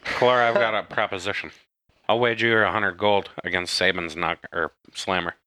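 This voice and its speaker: A man's voice: low voice, steady tone, moderate pace, sharp tone, dry recording. A man playing a tabletop game, making dry jokes to the group. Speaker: player.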